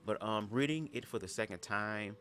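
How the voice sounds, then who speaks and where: Young male streamer, deep voice, sassy and conversational, riffs to viewers as "girl". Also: moderate pace, fairly bright tone, slight background noise. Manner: chatty, sassy, keeps addressing listeners as "girl". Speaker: livestream host reading a book aloud. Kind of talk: casual livestream commentary.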